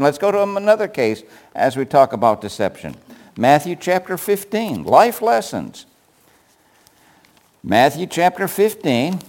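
An older male preacher delivering a sermon with a slightly high voice. His pitch rises and falls in a lively way, and he swings between loud emphatic points and quiet asides. He keeps putting rhetorical questions to the congregation.

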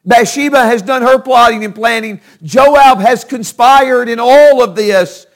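A preacher with a very high-pitched voice delivers a sermon, retelling a scripture story. He speaks slowly and deliberately, leaning hard on key words for emphasis.

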